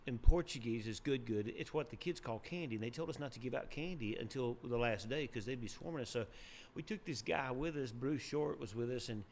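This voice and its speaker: A man casually telling funny stories, animated and often laughing, his voice jumping up at the punchlines. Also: mid-range voice, a little fast, a little hiss or hum. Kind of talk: storytelling, casual chat.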